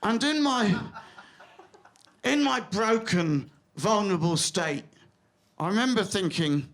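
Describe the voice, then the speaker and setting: A stand-up comedian with a notably high-pitched voice, talking on stage in a theatre. His delivery is excitable and halting, full of stammered restarts, and often sinks into hushed asides.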